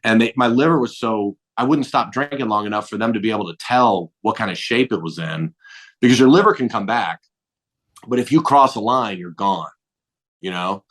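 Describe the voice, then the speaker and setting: A man's voice: on the low side, moderate pace, a bit bright. A middle-aged male comedian telling stories in casual chat, acting out the dialogue and swearing lightly. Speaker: comedian guest. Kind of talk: casual storytelling.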